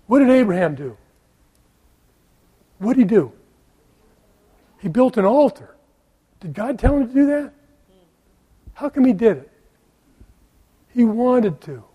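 Husky-voiced preacher man, dynamic sermon. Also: high voice, expressive, a little slow, pauses often. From United States. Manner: storytelling, shifting from soft hush to loud emphatic questions. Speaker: pastor.

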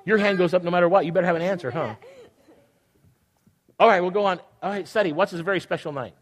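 A high-pitched older man gives a children's sermon, reading a picture book and joking with the kids as he goes. His manner is teasing and warm-humored, and he keeps the group involved. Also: fast talker.

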